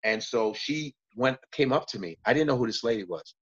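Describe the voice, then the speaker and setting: Husky man telling stories, cursing freely. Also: brisk, highs cut off. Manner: profane, animated retelling with bursts of high pitch. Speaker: guest comedian. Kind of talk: casual storytelling.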